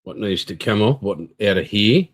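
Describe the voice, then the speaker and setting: He's an older, tired Australian livestream host who greets viewers and rambles, his fairly low voice animated and moderately paced. The sound quality is poor.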